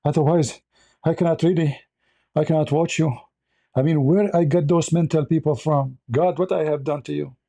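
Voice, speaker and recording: Blunt, sarcastic man with a gravelly voice. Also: on the high side, steady tone, normal speed, dark tone, no echo. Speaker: livestream host answering chat. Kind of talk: casual livestream chat.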